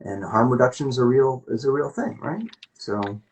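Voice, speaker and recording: A man's voice: medium pitch, normal speed, darkish tone. A man speaking candidly as an interview guest, earnest and rambling, with many restarts and fillers.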